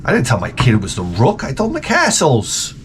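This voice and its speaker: Animated ranting man, rambling and profane. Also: medium pitch, fairly quick, slight background noise. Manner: rambling, profane comic storytelling. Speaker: retro gaming YouTuber. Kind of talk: casual rant.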